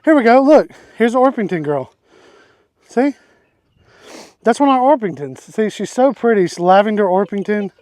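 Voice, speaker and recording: A man's voice: high voice, lively intonation, moderate pace, long pauses, a little mellow, dry recording. A young man making a casual farm vlog outdoors, joking as he talks to his chickens. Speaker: homesteader vlogger.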